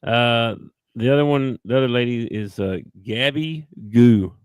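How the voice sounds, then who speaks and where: A man's voice: medium pitch, a little slow, clean tone, dry recording. A man co-hosting a sports podcast, talking in an easygoing, chuckling casual way. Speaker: podcast co-host. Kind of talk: casual chat.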